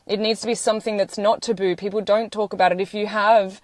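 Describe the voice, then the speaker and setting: A woman's voice: medium pitch, flat delivery, fast talker, no echo. A woman in her thirties talking on a live stream, earnest and close to tears, swearing freely as she speaks. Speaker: social media livestreamer. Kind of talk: emotional live-stream monologue.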